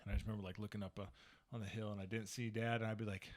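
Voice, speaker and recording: A man in his thirties co-hosting a podcast, telling stories in casual chat, animated and swearing freely as he acts out quotes. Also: on the low side, racing. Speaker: podcast co-host. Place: podcast studio.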